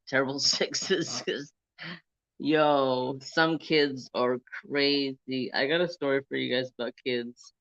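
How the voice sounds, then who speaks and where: Bright-voiced laid-back male streamer. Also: mid-range voice, dry recording. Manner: laid-back storytelling, swears and laughs often. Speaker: livestream crafting host. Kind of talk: casual live-stream chat. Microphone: phone. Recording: dull lo-fi phone live stream.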